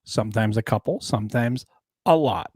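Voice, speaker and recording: A man's voice: lowish voice, moderate pace, darkish tone, breathy edge, dry recording, studio quality. A man hosting a casual podcast chat, talking in a loose, rambling way with many fillers. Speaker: podcast host.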